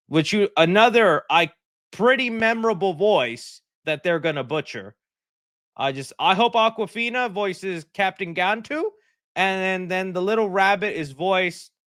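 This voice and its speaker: A man hosting a livestream, talking in a rambling, joking, animated way at his desk mic. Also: high-pitched, dry recording, studio quality. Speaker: livestream host. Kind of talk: casual livestream chat.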